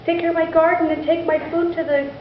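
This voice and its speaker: A woman's voice: very high voice, little pitch movement, fast, muffled recording, a little hiss or hum, voice pushed up. A woman voicing a distraught mother fretting over her injured son, in a distant, echoey church recording.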